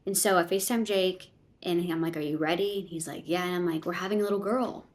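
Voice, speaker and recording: A young adult woman, a podcast guest, telling a personal story in casual conversation, full of "like"s and lively quoted voices. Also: fairly low pitch, fast. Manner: chatty, filler-heavy retelling with many "like"s, quoting others in lively voices.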